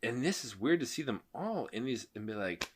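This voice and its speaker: A man on a movie podcast talks in a loose, rambling way, with "like" everywhere. His voice is medium-pitched and swings lively up and down as he goes. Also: normal speed, husky. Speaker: podcast co-host. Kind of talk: casual chat about movies.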